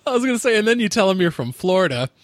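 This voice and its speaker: A man's voice: high-pitched, very animated, rapid-fire, dry recording. A man hosting a podcast, chatting casually, joking and laughing often like a gushing fan. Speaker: podcast host.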